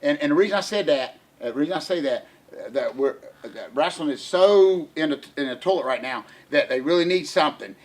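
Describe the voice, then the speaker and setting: A man's voice: a little high, expressive, a little fast. A middle-aged man, rambling through a casual podcast chat with lots of fillers and restarts. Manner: rambling Southern storyteller, many fillers and restarts. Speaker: podcast co-host, veteran wrestler.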